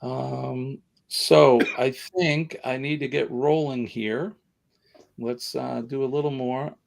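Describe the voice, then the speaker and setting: A man's voice: medium pitch, fairly even intonation, slow, creaky. Rambling chatty Southern American man. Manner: rambling, chatty, many fillers. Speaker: livestream host. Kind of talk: casual live-stream chat.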